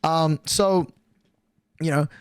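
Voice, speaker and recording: A young man streaming, telling a long story in an excitable, profane way and acting out the other people's lines. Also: on the high side, takes it slowly, clean tone, no room sound. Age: young adult.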